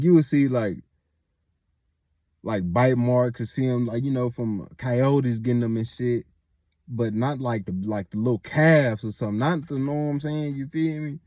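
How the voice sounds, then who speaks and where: A man's voice: medium pitch, darkish tone, dry recording, highs cut off. A young man casually telling a story, rambling and full of filler words and swearing.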